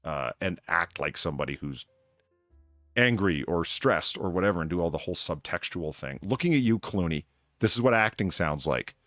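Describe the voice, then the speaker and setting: Deep-voiced man chatting loosely. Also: lively intonation, normal speed, a bit bright, dry recording, studio quality, faint music behind. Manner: rambling, profane, enthusiastic. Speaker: podcast host. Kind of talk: casual chat.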